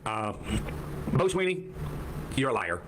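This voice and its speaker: A man ranting angrily on a livestream, swinging from shouting to muttering. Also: mid-range voice, very animated, takes it slowly, slight background noise. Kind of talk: angry livestream rant.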